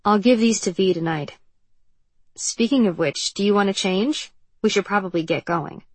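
A woman narrator voicing a brash young man who speaks in an offhand, slangy way, with a slightly husky voice. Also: mid-range voice, normal speed, no echo, natural voice.

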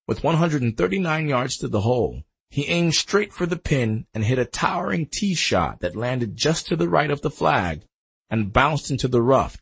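A male narrator reading a sports biography aloud in a dramatic storytelling manner. His voice is very husky and gravelly, and his pitch moves animatedly. He swells with emphasis at the big moments. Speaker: audiobook narrator. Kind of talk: scripted narration.

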